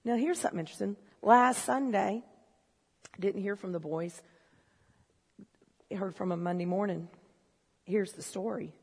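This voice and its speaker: A woman preaching a sermon in a church, telling stories and swinging from low, confiding talk to shouted excitement. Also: moderate pace, long pauses, husky. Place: church hall. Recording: long hall reverb.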